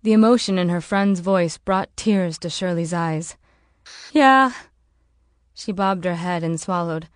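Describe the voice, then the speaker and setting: A woman narrating an audiobook in a steady, measured way. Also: on the low side, dry recording, clean studio sound.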